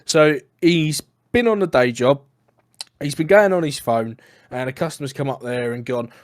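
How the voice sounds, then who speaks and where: A man's voice: mid-range voice, normal speed, no room sound. Joking young man, dry close sound. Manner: joking, storytelling. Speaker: podcast co-host. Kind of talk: casual chat.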